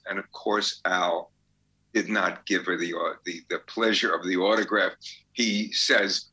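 The rough recording captures a low-sitting male voice, pushed and bright, at a moderate pace. He's a songwriter in his eighties, a guest telling anecdotes in an interview, chatting easily and laughing as he goes.

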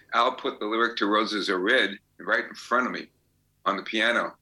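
Old songwriter guy, really bright voice, chatty and laughing through stories. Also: mid-range voice, low-quality recording. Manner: chatty storyteller, laughs as he talks. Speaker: songwriter guest. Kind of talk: anecdotal interview.

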